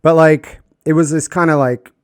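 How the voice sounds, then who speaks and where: A man's voice: normal speed, dry recording, clean studio sound. Man telling stories in casual chat. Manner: animated storyteller, mimics people in a high voice. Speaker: podcast co-host.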